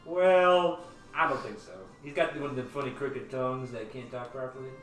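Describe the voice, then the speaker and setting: A game master voicing a greedy, smug company boss in a tabletop game, with a put-on drawl and a folksy, bossy, teasing manner. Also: male voice, medium pitch, moderate pace, lightly acted. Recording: roomy and distant, music behind.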